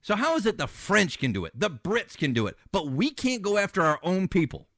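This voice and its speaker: A man's voice: sits high, sing-song, brisk, fairly bright tone, no echo. A man hosting political talk radio as a fill-in, ranting with indignation and sarcasm into a studio microphone.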